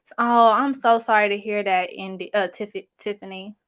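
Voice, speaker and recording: A woman's voice: mid-range voice, fairly even intonation, normal speed, fairly bright tone, clean tone. A young adult woman hosting a casual livestream, reading chat comments in a chatty, sassy, slangy way. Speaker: channel host reading live chat.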